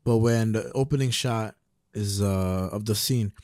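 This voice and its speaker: A man's voice: fairly low pitch, unhurried, darkish tone, dry recording, clean studio sound. Laid-back young man, rambling podcast chat. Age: young adult. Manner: laid-back, rambling, swears, laughs often. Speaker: podcast co-host. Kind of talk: casual chat.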